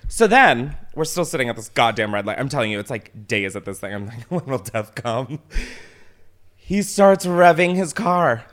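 A man casually telling a story as a podcast host, animated, swearing often and laughing as he talks. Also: medium pitch, moderate pace.

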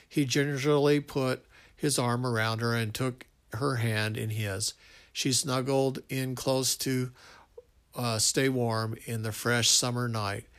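A man's voice: mid-range voice, vocal fry, fairly bright tone. A man reading a love story aloud, stumbling now and then and restarting lines. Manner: unpolished reading with slips and restarts. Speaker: narrator.

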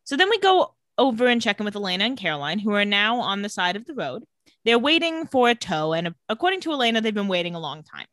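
Animated young woman recapping a show. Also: mid-range voice, quick pace, dry recording, studio quality. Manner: animated storytelling, acting out characters' lines. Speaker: podcast co-host. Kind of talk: casual TV episode recap.

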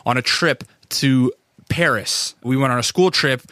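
A man's voice: unhurried, bright, forceful tone, dry recording, clean studio sound. Rambling, foul-mouthed podcast host in his thirties. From Alaska, USA. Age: 30s. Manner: profane, rambling storyteller; acts out quoted voices, jumping up high. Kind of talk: casual podcast monologue. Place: recording studio.

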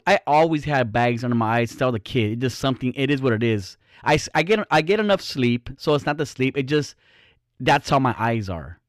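A man's voice: mid-range voice, dry recording, studio quality. A man hosting his own podcast, ranting bluntly in a casual, profane, rambling way. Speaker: podcast host. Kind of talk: casual solo podcast rant.

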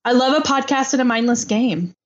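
A woman's voice: a little high, brisk, highs cut off. A woman co-hosting a podcast, chatting casually and enthusiastically about reality TV and her hobbies. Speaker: podcast co-host. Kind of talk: casual chat.

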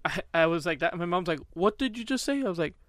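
A young man co-hosting a podcast, telling stories in quick, chatty casual talk. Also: sits high, lively intonation, no echo, studio quality. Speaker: podcast co-host. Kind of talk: casual chat.

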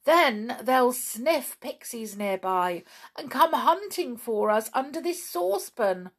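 A woman's voice: on the high side, expressive, slow pace, pitched above the performer's own voice. A woman voicing a brave little male pixie in a storybook reading, earnest and solemn. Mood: urgent.

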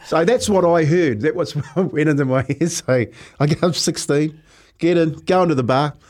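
A man's voice: a little high, moderate pace, darkish tone. Chatty New radio co-host man. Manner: chatty storyteller, laughs often. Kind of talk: casual breakfast radio banter.

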